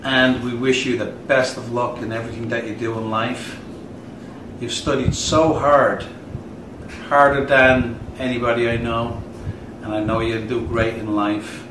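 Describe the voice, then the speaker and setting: A man recording a tender congratulation video message, speaking softly and lovingly. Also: medium pitch, little pitch movement, unhurried. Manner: tender, grows soft and quiet. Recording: echoey room, far from mic, noisy.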